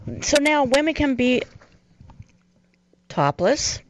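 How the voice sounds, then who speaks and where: A woman's voice: high voice, very animated, slow, no room sound, rough recording. A woman co-hosting a radio talk show in a studio, dry and teasing in manner. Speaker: radio co-host.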